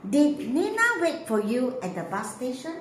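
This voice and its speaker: A woman's voice: high voice, sing-song. Woman teacher, patient and repetitive, in a heavily echoing room with faint background noise. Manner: slow, patient, repeats drill phrases. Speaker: English teacher. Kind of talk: grammar lesson explanation. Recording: echoey room, voice from mic distance.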